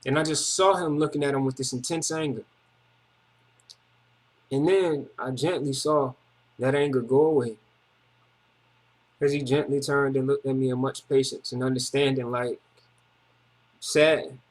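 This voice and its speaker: Husky man giving a rambling testimony. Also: mid-range voice, steady tone, unhurried, long pauses. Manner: repetitive, emotional, slangy street talk. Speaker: testimony speaker.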